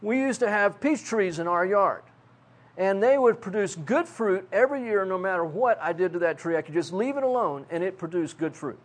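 Older man for a pastor role, high-pitched, folksy sermon delivery. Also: animated, moderate pace. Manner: folksy, self-mocking, with prop demonstrations.

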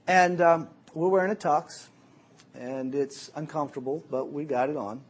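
A middle-aged man preaching a sermon as a Bible teacher, telling jokey, animated stories. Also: on the high side, moderate pace.

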